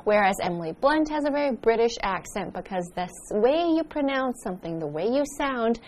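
A woman's voice: fairly high pitch, lively intonation, a little fast, darkish tone. A woman with a North American accent, co-hosting an English lesson and explaining vocabulary with example sentences. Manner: patient, gives example sentences. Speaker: English teacher co-host.

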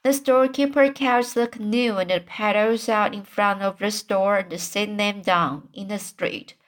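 A woman reading a children's book aloud, halting often and restarting stumbled words. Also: mid-range voice, steady tone. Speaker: reader.

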